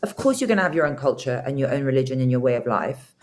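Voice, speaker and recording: A woman's voice: extremely low pitch, animated, fast talker, darkish tone. A woman, a senior prosecutor from Britain, speaking as a guest in a political interview over a video call, emphatic and repeating phrases as she builds her points.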